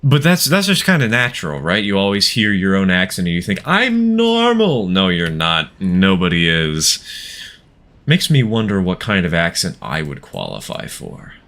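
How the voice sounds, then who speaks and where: A man's voice: low-pitched, very animated, normal speed, sharp tone. A man from the American South chatting casually with his stream viewers in a jokey way, often breaking into laughter.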